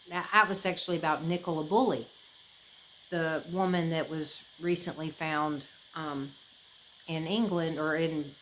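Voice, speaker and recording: A woman vlogging in a casual, rambling way, with a slightly low voice that swings up and down as she talks. She fills her talk with fillers and restarts. A faint hiss sits under her voice. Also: poor audio. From United States. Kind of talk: casual chat.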